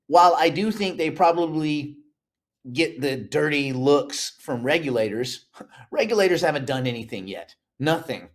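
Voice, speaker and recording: Casting: male host, slightly high voice, loose joking delivery on a crypto show. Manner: joking, rambling, puts on mock voices. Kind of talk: casual crypto show chat.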